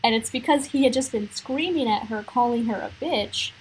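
A woman's voice: a little high, normal speed, a little hiss or hum, rough recording. Blunt young woman podcast co-host. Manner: emphatic, blunt, full of fillers like "like". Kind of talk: casual podcast chat about a book.

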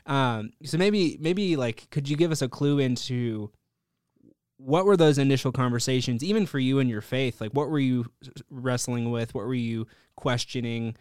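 Smooth-voiced man hosting a podcast. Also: medium pitch, a little mellow, no room sound, studio quality. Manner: encouraging, curious, quick to laugh. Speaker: podcast host. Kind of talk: interview chat.

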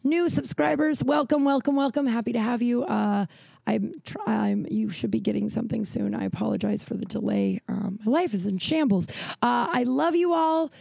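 A woman's voice: fairly high pitch, normal speed, vocal fry, darkish tone, no room sound. A woman in her forties hosting a podcast, telling stories in a casual, chatty way full of "like". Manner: chatty, peppered with "like". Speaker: podcast host. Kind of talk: casual storytelling.

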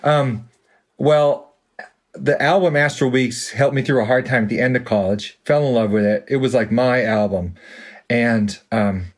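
A man's voice: mid-range voice, unhurried. A man with a light Boston accent telling a long story in a casual interview, with many fillers and restarts. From Boston area, USA. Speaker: author guest.

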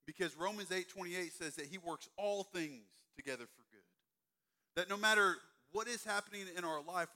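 A young man leads a youth sermon in a high voice, talking to middle schoolers like he is chatting with them. His tone is bright and forceful, and he turns to the students directly again and again. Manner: conversational, speaks directly to students. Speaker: youth pastor.

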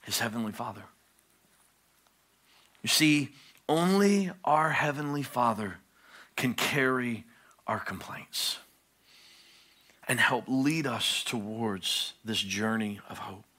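A male pastor preaching a sermon, swinging from hushed low phrases to loud, high-pitched pleading. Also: expressive, slow pace, pauses often.

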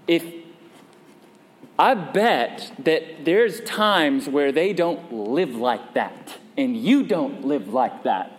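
A man's voice: fairly high pitch, in a large hall. A male pastor preaching a conversational sermon and prompting the congregation to respond. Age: adult parent.

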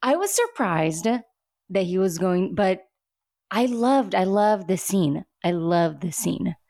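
A woman co-hosting a casual TV recap podcast, talking excitedly with emphatic repeats and laughter. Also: on the low side, slow pace, dry recording, studio quality. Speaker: podcast co-host.

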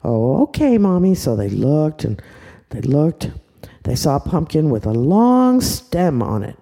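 An older woman narrating an improvised bedtime story in a chatty, animated way, tossing in sound effects. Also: low-pitched, takes it slowly, vocal fry, slightly rough. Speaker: storyteller grandmother.

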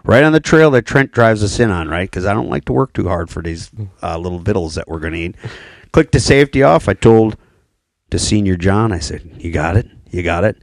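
A man from Wisconsin swaps hunting stories, ribbing his friends and laughing as he goes. His voice sits low, and it is recorded close and dry. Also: animated, brisk, gravelly, no room sound. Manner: joking storyteller, laughs often. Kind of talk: casual hunting chat.

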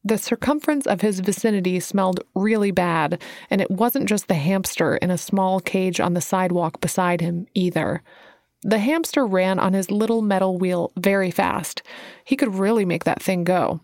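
Woman, audiobook narration, dry recording, even middle voice. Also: mid-range voice, moderate pace, no room sound. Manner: reads every character herself. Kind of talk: scripted narration.

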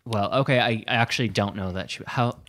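A man from Wisconsin co-hosting a podcast, telling a story in animated fashion and laughing along. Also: lowish voice, fast. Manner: animated storyteller, laughing at his own tale. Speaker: podcast co-host. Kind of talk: casual chat.

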